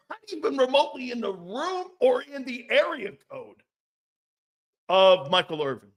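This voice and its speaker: A man hosting a casual sports talk show, blunt and animated, swearing freely. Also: high-pitched, normal speed.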